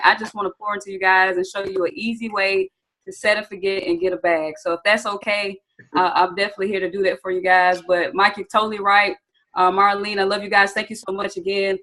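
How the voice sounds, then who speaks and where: Teaching trading to viewers on a video call, this Atlanta woman with a Southern accent keeps her live webinar friendly, upbeat and encouraging. Her mid-range voice is bright and forceful.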